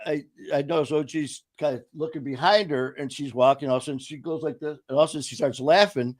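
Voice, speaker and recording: A man's voice: fairly high pitch, quick pace. A middle-aged man hosting a podcast, telling stories in a casual, profane way and laughing as he goes. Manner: animated, profane, laughs through his stories. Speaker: podcast host. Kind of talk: casual storytelling chat.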